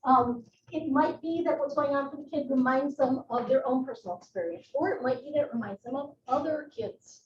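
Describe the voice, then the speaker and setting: A middle-aged woman giving a live educational talk as a nurse presenter, chatty and animated, with personal asides. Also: high voice, brisk, hardly any pauses. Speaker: psychiatric nurse practitioner, presenter. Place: presentation room. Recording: echoey room, distant mic, muffled, faint noise.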